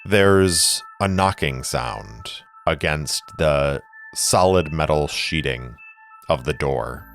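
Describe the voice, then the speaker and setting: A man's voice: extremely low pitch, expressive, slow pace, creaky, fairly bright tone, faint music behind. A man narrating a solo tabletop role-playing game like film, describing each camera shot. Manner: cinematic, describing camera shots.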